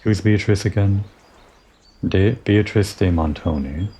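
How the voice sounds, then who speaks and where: A man giving relaxed, musing commentary over a game playthrough, thinking aloud and talking to the character he plays. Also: low voice, measured pace, breathy edge. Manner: musing, talks to himself and the character. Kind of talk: relaxed let's-play commentary.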